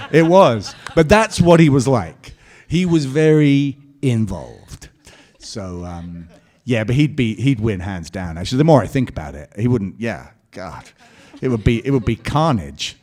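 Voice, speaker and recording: A man answering fan questions at a convention panel, telling lively anecdotes on a handheld mic. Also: medium pitch, a little slow. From Scotland. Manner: lively anecdotal storytelling with quoted voices and laughs. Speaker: convention panel guest actor. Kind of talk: storytelling Q&A panel.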